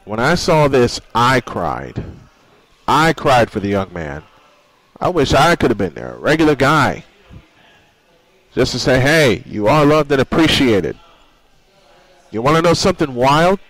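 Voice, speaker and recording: A man's voice: medium pitch, very animated, a little slow, long pauses, a bit bright, no echo, low-quality recording. A man hosting a sports radio show, speaking earnestly in a monologue and reading quotes aloud.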